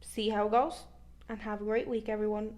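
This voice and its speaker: A young woman from Ireland with a Dublin accent, co-hosting a podcast and telling a story in a casual, animated way with plenty of swearing. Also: mid-range voice, brisk. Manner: animated, swears freely, acts out voices in her story. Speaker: podcast co-host.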